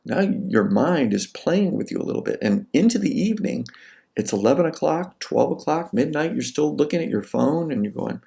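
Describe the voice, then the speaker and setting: A man's voice: on the high side, sing-song, moderate pace, gravelly, a little mellow. A man giving a casual classroom lecture, talking conversationally and acting out everyday scenarios. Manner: conversational, acts out scenarios in quoted voices.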